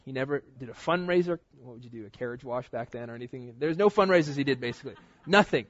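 Casual slangy man preaching, lo-fi. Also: mid-range voice. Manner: casual, slangy, animated storytelling. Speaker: pastor. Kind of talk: sermon with personal storytelling. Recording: dull lo-fi recording.

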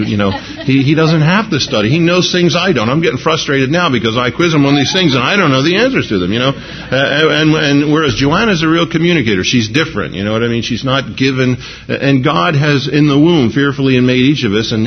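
A man's voice: mid-range voice, a little hiss or hum. Middle-aged male preacher, mid-range voice, talks to his flock like a friend, old dull recording. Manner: chatty, repeats "you know what I mean", voices quoted speakers. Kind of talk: conversational sermon to a live congregation.

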